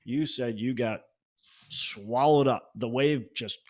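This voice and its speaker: A man's voice: mid-range voice, slow pace. A man hosting a podcast interview, talking in a conversational way with frequent restarts. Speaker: podcast host. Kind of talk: casual interview talk.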